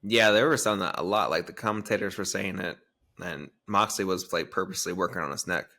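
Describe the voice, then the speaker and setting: A man's voice: deep voice, fast, vocal fry, sharp tone. A man co-hosting a casual podcast, giggling often between his phrases. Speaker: podcast co-host.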